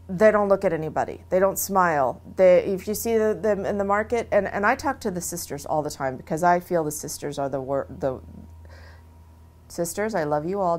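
A woman speaking in a long interview, talking earnestly about her own experience in a lively, conversational way and often restarting her phrases. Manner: earnest and animated, with lively swings in pitch. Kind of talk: long-form interview, casual personal talk.

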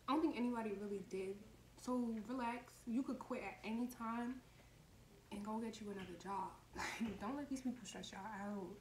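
A woman's voice: medium pitch, moderate pace, a little mellow. A woman in her twenties telling a heated, profane story in a casual vlog. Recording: echoey room, faint background noise.

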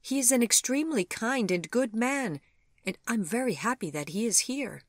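A woman's voice: on the high side, animated, normal speed, dry recording, studio quality, pitched above the performer's own voice. A woman voicing a proud, composed mother who speaks firmly and reassuringly in a storybook reading. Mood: soothing. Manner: firm and reassuring.

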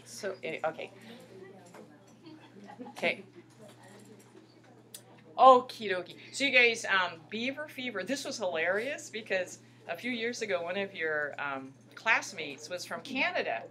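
A woman's voice: mid-range voice, animated, a little slow, sharp tone. A middle-aged woman teaching a microbiology lab class, talking in a chatty, impassioned way and calling her students "you guys". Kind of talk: classroom lecture.

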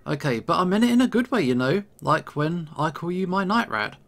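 Dopey young woman with a childish undertone, slightly gravelly; male reader voicing. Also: on the high side, big pitch swings, fairly quick, fairly bright tone, voice pushed up, full character voice. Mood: chatty.

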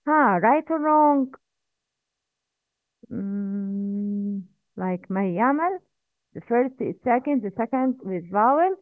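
A woman teaches recitation, sounding each word out slowly and stopping to correct mistakes. Her voice sits a bit high and moves up and down a lot. The sound is tinny and dry, like a phone line. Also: animated, no echo. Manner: slow, drilling repetition with corrections. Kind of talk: recorded language lesson.

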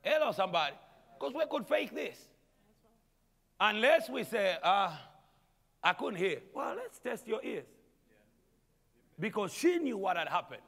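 A man preaching a sermon as pastor, animated, calling out to the congregation and chuckling between points. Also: high voice, measured pace, gravelly, long pauses, big-room sound. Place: church sanctuary.

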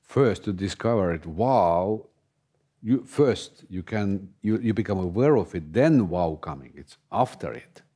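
Man, low voice, slow delivery, halting English, panel talk. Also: animated, warm tone, slightly rough. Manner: halting non-native English with many restarts. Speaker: spiritual teacher. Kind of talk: conversational panel discussion.

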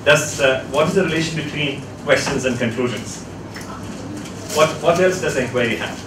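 A man's voice: mid-range voice, normal speed, noisy background. Male teacher quizzing a classroom. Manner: questioning, coaxing students. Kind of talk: classroom lecture. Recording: echoey classroom from far off.

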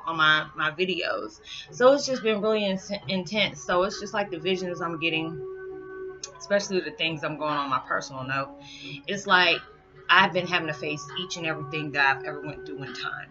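A middle-aged woman, chatting casually to camera at home, rambling and correcting herself and laughing often. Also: deep voice. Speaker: spiritual vlogger. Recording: dull lo-fi sound with loud music behind. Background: meditation music playing.

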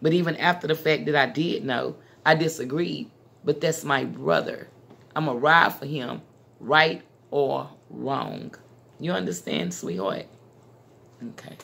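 A woman's voice: very deep voice, expressive, a little slow, vocal fry, a bit bright, slightly rough. A woman from Dallas, hosting a casual talk conversation in a blunt, emphatic manner. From Dallas, Texas. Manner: blunt, emphatic, street-talking. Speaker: channel host.

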